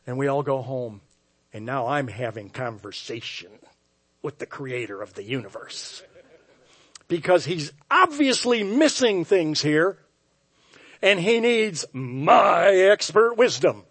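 A man preaching a sermon as pastor, telling a story with wry, self-mocking humor and swinging from hushed tones to loud outbursts. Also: a little high, animated, measured pace. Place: church sanctuary.

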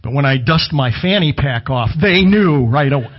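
A man's voice: fairly high pitch, animated, moderate pace, highs cut off. A middle-aged man preaching a sermon in a conversational way, with asides and self-corrections. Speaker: pastor. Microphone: camera video with slides behind him.

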